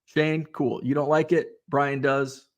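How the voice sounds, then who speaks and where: A man chats casually through a hobby livestream, his voice sitting a little high. He rambles, drops fillers and reads viewers' comments aloud as they come in. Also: flat delivery, slow pace, muffled recording. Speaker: livestream host reading chat.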